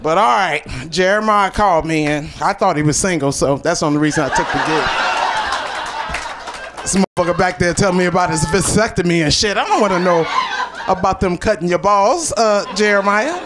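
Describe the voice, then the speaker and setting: A woman stand-up comedian doing brash, profane improvised crowd work on a comedy club stage, often shouting. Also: lowish voice, animated, a little fast. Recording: live club recording, crowd laughter and noise.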